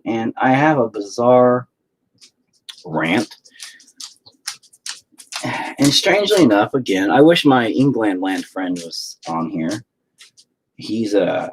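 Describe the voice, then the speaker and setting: A man's voice: fairly low pitch, a little hiss or hum. A man, a father, ranting profanely and rambling on a casual live stream, slipping into mock voices. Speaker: livestreamer and father.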